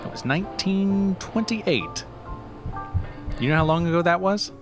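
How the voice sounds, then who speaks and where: A man's voice: sits high, expressive, measured pace, pitched above the performer's own voice. A man playing an aging comedian who hosts his own show, nostalgic and rambling, stammering through hesitant restarts, with faint music behind. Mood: chummy. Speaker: show host. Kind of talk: comedy audio sketch.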